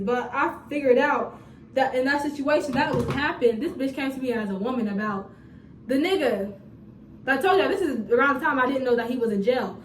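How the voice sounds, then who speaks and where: A young woman telling a storytime vlog in a casual, animated, profane way with laughing asides, filmed on a phone. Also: high voice, a little hiss or hum. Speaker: storytime vlogger. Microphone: phone camera. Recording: roomy phone recording from a distance.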